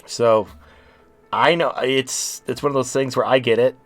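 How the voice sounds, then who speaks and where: A man's voice: mid-range voice, fairly even intonation, measured pace, faint music behind. A man in his late thirties hosting a talk show, ranting in a blunt, sarcastic and profane way. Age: late 30s. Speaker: podcast host. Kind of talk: casual talk-show rant.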